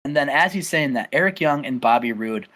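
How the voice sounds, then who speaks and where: A man hosting a casual game playthrough, retelling events in an animated, rambling way with lots of fillers. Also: mid-range voice, a little fast. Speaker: host.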